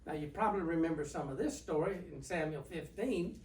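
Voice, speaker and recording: A man leads a relaxed Bible study as pastor, spinning the story in a folksy, stop-and-start way. His voice rings around an echoey church room. He sounds set back from the microphone. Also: a little high, a little fast. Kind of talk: informal Bible study teaching. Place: church sanctuary. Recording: echoey room, mic at a distance.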